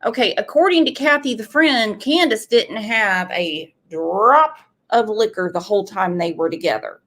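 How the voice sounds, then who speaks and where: A woman's voice: mid-range voice, moderate pace, a bit bright. A woman hosting a true crime commentary show, opinionated and full of rhetorical questions. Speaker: host.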